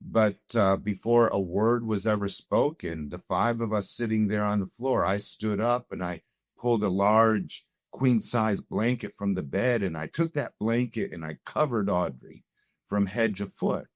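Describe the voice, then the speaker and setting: A man's voice: fairly low pitch, unhurried, no room sound, clean studio sound. A man sharing a heartfelt personal testimony as a guest in a conversation, telling it earnestly. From Canada. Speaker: guest sharing his story.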